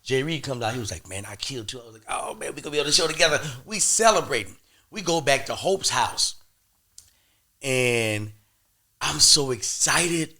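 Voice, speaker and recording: A young man hosts a podcast with a bright, forceful voice. He tells his story with animated energy and plays out every voice in the phone calls he recounts. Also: medium pitch, moderate pace, vocal fry. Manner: lively, acts out both sides of phone calls. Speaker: podcast host.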